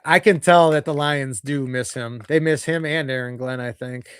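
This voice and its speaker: A young man giving nervous, excitable fan play-by-play of a football game, his voice jumping during big plays. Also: medium pitch, moderate pace, clean tone. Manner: nervous, excitable, voice jumps when plays unfold. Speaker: fan commentator.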